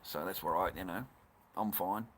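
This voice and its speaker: A man's voice: low-pitched, moderate pace, fairly bright tone. A man chatting casually on a live stream, blunt and rambling, swearing constantly. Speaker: livestreamer. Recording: noisy background hiss.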